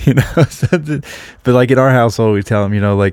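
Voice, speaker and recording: Deep-voiced man in casual podcast chat. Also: fairly quick. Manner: relaxed, rambling, laughs often. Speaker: podcast co-host.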